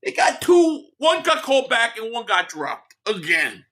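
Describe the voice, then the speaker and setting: A man's voice: very high-pitched, big pitch swings, unhurried, sharp tone. A man hosting a live sports reaction stream, ranting heatedly and with lots of profanity while reading out viewer chats.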